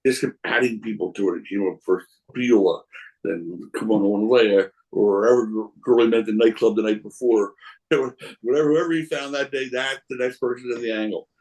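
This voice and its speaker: Animated man spinning rambling stories. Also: lowish voice, moderate pace, poor audio. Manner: animated, acts out voices in his anecdotes; rambling, many restarts. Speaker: wrestling promoter guest. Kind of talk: casual storytelling.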